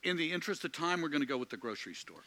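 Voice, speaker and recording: A man preaching a sermon from the pulpit, slow and emphatic with dramatic pauses. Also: fairly high pitch, big pitch swings, pushed and bright. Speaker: pastor.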